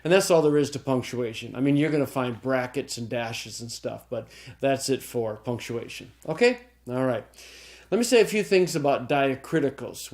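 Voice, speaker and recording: A Greek teacher gives a recorded lecture, patiently repeating key points and often checking with the listener by saying "okay?". His voice is mid-range with a darkish tone.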